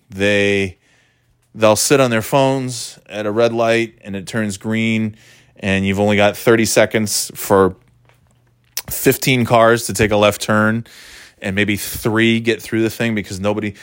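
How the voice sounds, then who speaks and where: A man rambles in casual chat, often restarting his sentences and swearing offhandedly. His voice sits low. The sound is dry and close, with no room echo. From New York.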